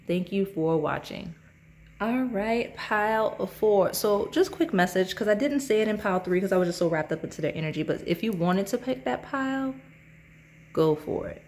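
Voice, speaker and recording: A woman's voice: mid-range voice, expressive, normal speed, darkish tone, a little hiss or hum. A woman giving a casual pick-a-card tarot reading, talking straight to her viewers in a chatty, rambling way. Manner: chatty and rambling, many fillers and asides. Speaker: tarot reader.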